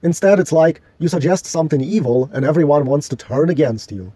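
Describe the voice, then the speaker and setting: A man's voice: a little high, animated, a little fast, dark tone, husky, dry recording. A man delivering a solo vlog rant in an indignant, argumentative, profane way. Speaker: vlogger.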